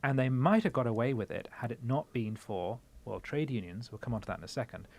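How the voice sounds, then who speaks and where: A man's voice: medium pitch, expressive, quick pace, vocal fry. A man co-hosting a politics podcast, laying out background to listeners in an explanatory way. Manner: explanatory, lays out the context. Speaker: podcast co-host. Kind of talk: political discussion.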